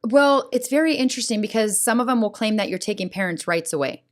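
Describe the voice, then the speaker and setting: A middle-aged woman speaks as a podcast guest, recounting personal experiences with earnest feeling. She talks in an animated way, checking in with her listener with a frequent "right?". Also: mid-range voice, fast talker. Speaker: school board president, guest. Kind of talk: emotional personal testimony in a podcast interview.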